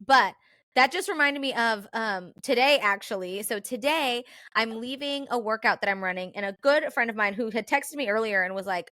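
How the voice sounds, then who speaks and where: A woman's voice: fairly high pitch, moderate pace, dry recording. Chatty woman co-host, dry close sound. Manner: chatty, laughs often, animated retelling. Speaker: podcast co-host. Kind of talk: casual chat.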